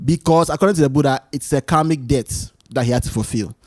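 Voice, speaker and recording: A man hosting his own solo talk show, rambling and animated as he tells stories, often restarting his sentences. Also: medium pitch, fast, dry recording, clean studio sound. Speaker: podcast host. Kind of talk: casual solo chat.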